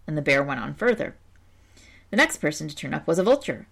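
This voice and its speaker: Woman storyteller reading folk tales aloud, lowish voice, very lively intonation. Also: brisk, vocal fry. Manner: expressive, animated.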